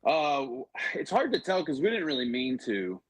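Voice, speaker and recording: A male radio guest with a husky voice and a mid pitch, rambling in a laid-back way with plenty of hesitations. He sounds close and dry, with no room around him. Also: big pitch swings, normal speed, no room sound. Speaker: guest podcaster. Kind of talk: casual radio chat.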